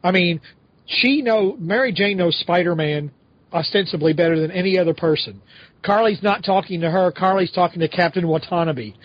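A middle-aged man co-hosting a casual podcast, talking in animated, exasperated rants. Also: high-pitched, moderate pace, dry recording. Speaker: podcast co-host. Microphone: home podcast microphone. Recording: slightly dull lo-fi audio.

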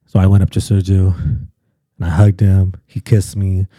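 A pastor guest on a podcast telling a personal story in casual chat, animated and acting out quotes with lots of fillers. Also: male voice, low voice, normal speed, no echo, clean studio sound.

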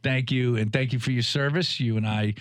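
A man's voice: medium pitch, fairly even intonation, no echo, studio quality. A man in his fifties hosting a podcast, talking casually with frequent restarts. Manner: warm, halting, many restarts. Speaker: podcast host.

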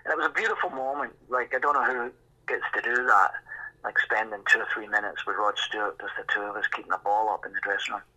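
Husky older man with a forceful edge. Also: lowish voice, fast talker, low-quality recording. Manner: lively raconteur, acts out voices in quotes. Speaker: musician telling a story. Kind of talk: anecdotal storytelling.

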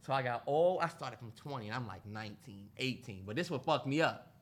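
A man's voice: mid-range voice, fairly quick. A man co-hosting a podcast, telling a story in casual chat, acting out what people said and laughing often, out of breath. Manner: animated, acts out quotes, laughs a lot. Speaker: podcast co-host.

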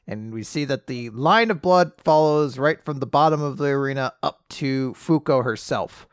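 A man in casual chat, retelling a story with lively asides, quick character voices and frequent laughter. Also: fairly high pitch, smooth, no room sound, studio quality. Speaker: podcast co-host recapping a manga chapter.

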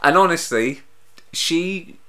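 A man's voice: fairly high pitch, expressive, slow, a bit bright, clean tone. A man in casual comedic chat, a dry grumbler telling a story and mimicking other people.

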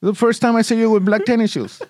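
A man's voice: sits high, steady tone, fast, a little mellow, dry recording, studio quality. A man co-hosting a podcast in casual chat, blunt and teasing as he hands out advice. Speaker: podcast co-host.

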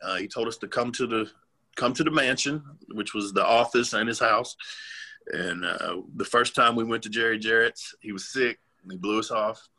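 A man with a husky, somewhat raspy voice that still has a bright edge. He recalls his wrestling days casually, swearing and chuckling as he goes. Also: fairly low pitch, normal speed. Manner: laid-back, swearing, chuckling. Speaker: guest, former wrestler. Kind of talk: casual storytelling.

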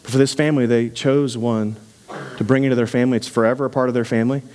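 A man preaching to a congregation, animated and conversational, dropping low for asides. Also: fast talker, slight background noise. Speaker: pastor. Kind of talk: sermon.

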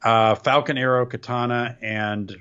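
A man's voice: medium pitch, steady tone, unhurried, fairly bright tone, clean tone, highs cut off. A man co-hosting a casual wrestling podcast, sarcastic and complaining, often tripping over his words. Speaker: podcast co-host. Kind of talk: casual wrestling recap chat.

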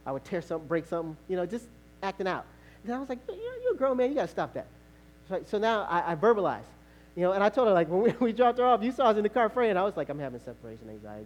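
A male pastor preaching a sermon, telling a story in a conversational way with laughter and sudden shouts. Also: sits high.

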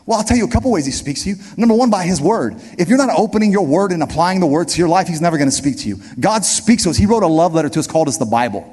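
A man's voice: sits high, animated, quick pace, darkish tone. A male pastor delivering an emphatic sermon, repeating key phrases and speaking straight to his congregation. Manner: emphatic preaching, repeats key phrases, addresses the crowd directly. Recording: long hall reverb.

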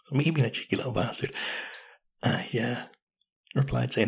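A man's voice: mid-range voice, moderate pace, vocal fry, long pauses, slightly rough. A man in his thirties hosting a podcast, chatting through a story in a casual, self-mocking way and swearing freely. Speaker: podcast host.

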